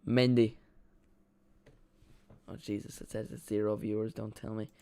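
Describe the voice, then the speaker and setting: A man's voice: lowish voice, little pitch movement, unhurried, creaky, dark tone, clean tone, no room sound. A young Irish man chatting casually while streaming a football watchalong from home, rambling with frequent restarts. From Ireland. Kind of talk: casual live commentary.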